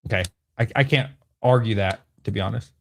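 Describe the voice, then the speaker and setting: A man with an animated, bantering manner, hosting a casual livestream Q&A from home and answering chat comments. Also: lowish voice, brisk, vocal fry. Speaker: host.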